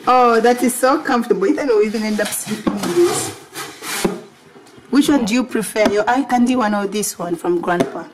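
A woman's voice: medium pitch, a little fast. A young woman, a mother filming a family vlog at home, gushing and exclaiming in casual chat and often laughing. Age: young adult. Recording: noisy home recording.

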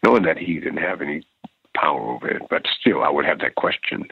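Deep raspy american guy on a tinny phone line, talks in halting starts. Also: lively intonation, no echo. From United States. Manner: emotional, halting, many restarts. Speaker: drummer guest. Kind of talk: phone interview.

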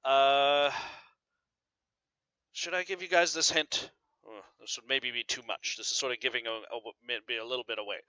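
Teacher guy talking students through a story, bright voice, says right a lot, lo-fi dry sound. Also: medium pitch, normal speed, smooth, no room sound. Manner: conversational, checks in with "right?" and fillers. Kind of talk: recorded lesson on a novel reading. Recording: dry, slightly dull lo-fi recording.

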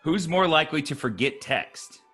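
A man's voice: a little high, animated, moderate pace, bright, forceful tone, breathy edge, soft background music. A man hosting a casual web show, upbeat and chatty with loose fillers. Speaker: show host.

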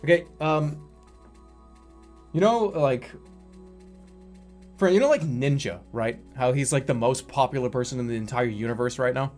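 A man's voice: medium pitch, normal speed, long pauses, a little mellow. A man in his thirties, a livestreamer rambling through a casual chat and swearing freely. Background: faint music.

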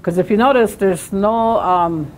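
A woman teaching a language class, sounding out words slowly syllable by syllable. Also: medium pitch, a little mellow. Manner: slow, drawn-out syllable-by-syllable pronunciation.

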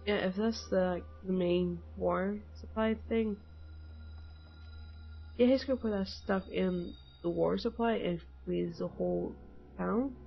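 A woman talks slowly and casually through a mystery game, murmuring her thoughts as she goes. Her voice sits a little low and sounds slightly muffled. Game music plays faintly behind her. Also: gravelly, husky. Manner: unhurried, chatty, muttering to herself. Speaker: game player. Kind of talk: casual let's-play commentary.

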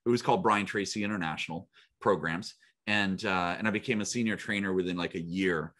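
A middle-aged man, a guest speaker and coach, telling his story in an interview with lively acted-out quotes and frequent laughs. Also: sits low, a little fast. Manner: animated storyteller, acts out quotes, laughs often. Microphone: small mic worn on body.

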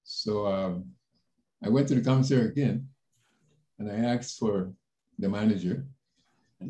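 An older man from the Panama Canal Zone, a panelist telling personal stories in an animated way over a video call. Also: normal speed, long pauses. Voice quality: animated, jumps in pitch when quoting others. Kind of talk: personal storytelling. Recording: roomy echo.

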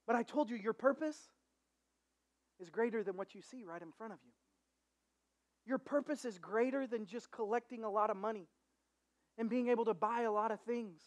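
A pastor voicing Jesus as a gentle man who softly recalls old times with a friend during a dramatized sermon story. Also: mid-range voice, natural voice.

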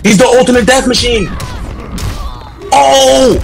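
A man on a headset mic giving loud, heated live commentary on fighting-game matches, shouting often, repeating himself and trash-talking with profanity. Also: high voice, unhurried, over music. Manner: loud, excitable trash-talk with frequent shouting.

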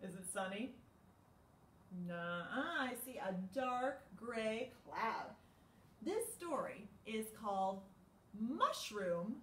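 Animated sing-song storytime woman. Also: mid-range voice, slight background noise. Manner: animated, slow, sing-song reading with gasps. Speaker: children's librarian. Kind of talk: livestreamed children's storytime. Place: library room. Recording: echoey room, mic far off.

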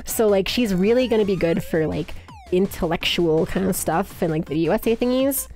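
A woman streamer chatting live while guessing games, excitable and swearing a lot, bursting into high yells. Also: moderate pace.

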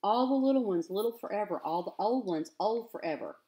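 A woman's voice: medium pitch, lively intonation, fairly quick, mellow, lightly acted. A woman voicing a weary, earnest rustic father who talks in plain country grammar. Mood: pleading.

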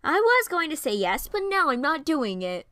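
A woman's voice: a little high, lively intonation, moderate pace, sharp tone, clear, resonant tone, no room sound, pitched above the performer's own voice. A woman voicing a cocky, dramatic young man who shows off and teases. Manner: cocky, showy.

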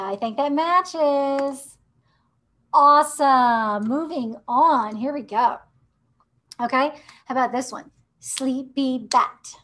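Woman teacher talking slow to first graders, high voice, super encouraging. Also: a bit bright. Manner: upbeat, encouraging, sing-song teacher voice. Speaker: music teacher. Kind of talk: first grade music lesson.

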